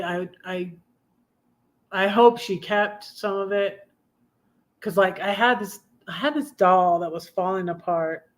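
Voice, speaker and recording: A woman in her fifties hosting her own livestream, telling personal stories in a rambling, confiding way with frequent self-corrections. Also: medium pitch. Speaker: livestream host. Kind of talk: casual personal storytelling.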